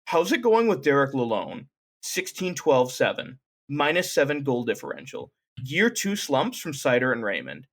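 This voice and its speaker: A man's voice: medium pitch, wildly swooping pitch, normal speed. A man voicing a smug male hockey writer while reading a post aloud.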